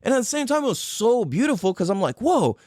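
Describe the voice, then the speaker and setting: A man's voice: high voice, fast, no room sound, clean studio sound. A man hosting a podcast and telling a personal story in a loose, profane way, full of "like" and "dude". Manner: animated, reenacting his own past reactions. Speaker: podcast host.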